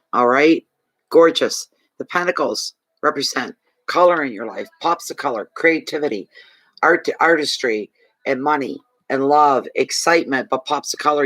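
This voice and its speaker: A man's voice: mid-range voice, fairly bright tone, no room sound, poor audio. A man giving a tarot card reading to a client, speaking emphatically and repeating key phrases to reassure her. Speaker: tarot reader.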